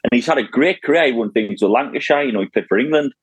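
Husky man with a lively, bouncing voice. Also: medium pitch, fast, dry recording, rough recording. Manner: easygoing, playful, goes along with jokes. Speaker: podcast co-host. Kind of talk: casual chat.

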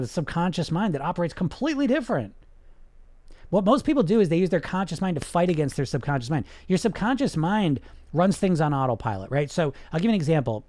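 Guy hypnotist doing a motivational podcast rant, slightly high voice that swings all over, dry close sound. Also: a little mellow, no echo. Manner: emphatic, blunt, peppered with rhetorical questions and mild swearing.

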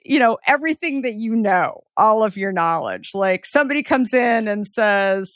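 A woman's voice: medium pitch, expressive, moderate pace, fairly bright tone, no room sound, studio quality. A woman hosting an interview, asking questions loosely, repeating words and tagging them with "right?". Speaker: podcast host. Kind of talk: casual interview chat.

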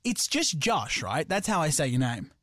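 Upbeat Australian host, a man pitched high, peppering a guest with questions in a dry booth. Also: sing-song, a bit bright, no echo. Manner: eager, chatty, rapid-fire questions. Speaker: radio host. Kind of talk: casual phone interview.

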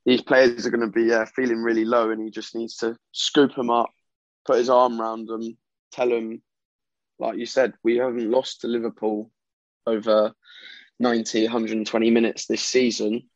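A man talks football in a flat, steady voice. His audio is dull and lo-fi and sounds dry and close to the mic. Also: medium pitch, normal speed, dry recording. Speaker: podcast co-host. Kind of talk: casual football chat.

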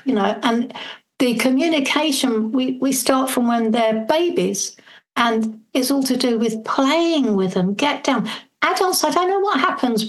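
Brief: woman, parenting coach guest, earnest and fluent, fairly high voice. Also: poor audio. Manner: earnest, fluent, explains with acted-out examples. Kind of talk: conversational advice in a podcast interview.

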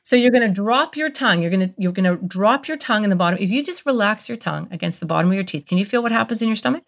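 A woman speaking as a guest expert on a podcast, explaining a calming technique with quick role-play examples. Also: mid-range voice, creaky. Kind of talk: conversational interview.

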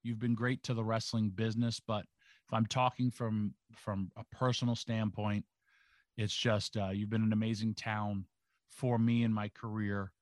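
A man with a fairly low voice rambles through a casual chat, stringing thoughts together with plenty of filler words. The sound is dry and close. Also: level tone, moderate pace, no echo. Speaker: podcast co-host, wrestler.

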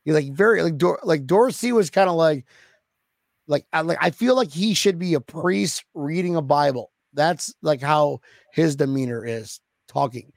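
A man co-hosting a casual sports podcast, talking in quick, rambling bursts full of "like". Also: fairly high pitch, creaky, no room sound. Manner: rambling, excitable, lots of "like". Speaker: podcast co-host.

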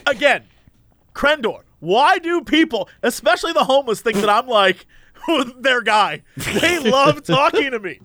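A young man co-hosting a podcast in casual chat, an animated storyteller who slips into quoted voices. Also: very high-pitched, a little slow, dry recording. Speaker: podcast co-host. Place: Los Angeles area.

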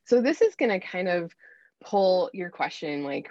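A woman's voice: on the low side, expressive, moderate pace, no echo, lo-fi sound. A woman talking earnestly as a guest coach on a faith podcast, acting out her own inner dialogue. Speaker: guest, mom anger coach. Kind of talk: faith-based podcast conversation.

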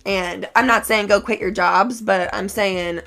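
Young woman, hoarse, bright tone, chatty podcast co-host, faint music behind. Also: medium pitch, measured pace. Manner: chatty, tired but energetic. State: losing her voice, hoarse. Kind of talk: casual chat.

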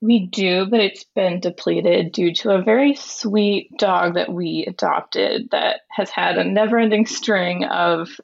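Gravelly young woman caller on a dull line. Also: fairly low pitch, steady tone, a little slow, hardly any pauses. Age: 20s. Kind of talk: phone-in conversation.

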